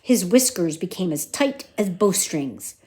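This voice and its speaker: A woman reading a children's storybook aloud to her kids in an expressive way. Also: fairly low pitch, measured pace.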